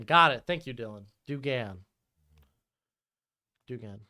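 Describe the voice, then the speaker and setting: Lively-voiced man streaming a game watch-along. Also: fairly high pitch, normal speed, clean tone. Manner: chatty, jumps between game calls and chat replies. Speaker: live streamer reading chat. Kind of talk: casual watch-along football commentary.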